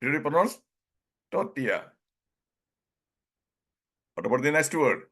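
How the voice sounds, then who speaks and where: His voice sits on the high side, sing-song and a little bright. An Indian presenter with an Indian English accent runs a casual online group talk about pronunciation, laughing softly often, stretching words out slowly and performing small dialogues.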